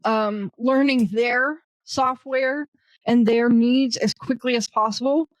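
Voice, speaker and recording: A woman's voice: on the high side, steady tone, slow pace, no echo, poor audio. A woman guest in an interview, talking bluntly and casually, with lots of restarts and fillers and frequent laughter. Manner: blunt, self-deprecating, laughs often. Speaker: guest, virtual assistant.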